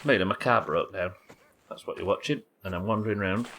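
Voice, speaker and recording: A man's voice: low voice, a little fast, pushed and bright, slight background noise. A man chatting casually while streaming a game, rambling and talking to his viewers. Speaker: live streamer. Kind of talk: casual gaming commentary.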